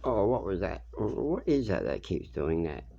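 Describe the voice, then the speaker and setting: Slow gravelly man telling rambling tales. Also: sits low, big pitch swings, warm tone, lo-fi sound. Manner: meandering, jokey, drifts between tales. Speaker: monologue speaker. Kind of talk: rambling storytelling.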